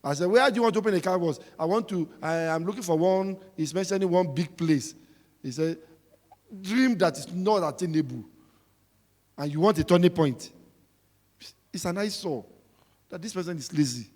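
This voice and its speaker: A man's voice: sits high, moderate pace, long pauses. Male preacher, sermon delivery, emphatic and repetitive, reverberant hall. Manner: emphatic, repetitive, swings between shouting and quiet.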